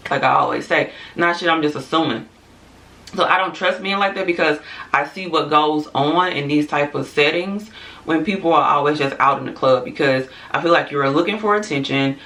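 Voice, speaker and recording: A woman's voice: sits low, fairly bright tone, distant mic. A woman vlogger giving a casual, blunt opinion rant straight to her audience, profane and candid, with frequent asides.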